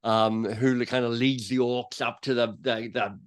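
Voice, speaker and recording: This guest author and coach has a smooth, medium-pitched voice and a slightly slow delivery. In the podcast interview he tells stories with animation, performing little quotes along the way.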